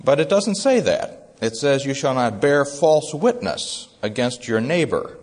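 Man, preacher, sermon, very slow pace, measured, deliberate pauses. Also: medium pitch, sing-song, a little mellow. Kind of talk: expository sermon.

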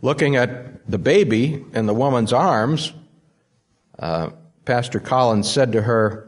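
Slow, emphatic male preacher. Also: fairly low pitch, lively intonation, slightly rough. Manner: emphatic, repeating key words for stress. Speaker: pastor. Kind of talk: sermon.

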